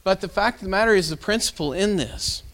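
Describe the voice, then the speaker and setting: Brief: male pastor, folksy conversational sermon, slightly high voice. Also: fast, a bit bright. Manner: folksy, conversational storytelling with fillers.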